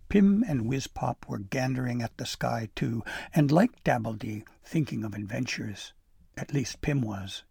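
A man narrating a storybook with gentle, steady storytelling. His voice is gravelly and mellow with a slight huskiness. The sound is dry and close to the mic. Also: mid-range voice, dry recording.

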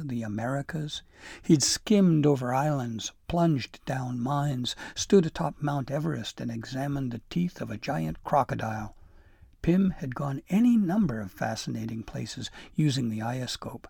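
A man narrating a storybook with gentle, steady storytelling. His voice is gravelly and mellow with a slight huskiness. The sound is dry and close to the mic. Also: mid-range voice, no echo.

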